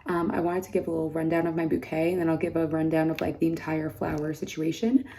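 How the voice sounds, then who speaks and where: A woman rambling casually in a vlog, her voice going hoarse, with many fillers and "like"s. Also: deep voice, flat delivery, quick pace, mellow. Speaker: bride vlogging her wedding week. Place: mud room indoors.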